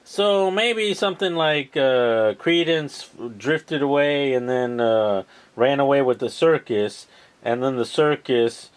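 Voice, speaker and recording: A man's voice: medium pitch, slow pace, clear, resonant tone. A man casually retelling a film plot, rambling with lots of ums and uhs and the odd swear word. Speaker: vlogger.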